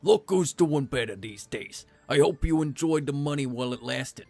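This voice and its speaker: A man's voice: medium pitch, expressive, moderate pace, gravelly, a little mellow, no echo, soft background music. A man voicing a smug, gloating male villain who taunts someone over a debt, drawing out his words.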